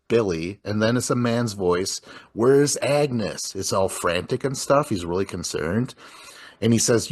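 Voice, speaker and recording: A man with a somewhat low voice talks loosely through a film. He rambles, swears freely and breaks into laughter as he goes. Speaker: podcast host. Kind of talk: casual movie discussion.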